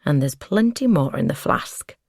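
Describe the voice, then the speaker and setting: Woman narrator as a laid-back, teasing boyfriend, low-pitched, dry close sound. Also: lively intonation, moderate pace, darkish tone, no room sound. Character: casual, teasing adult male partner.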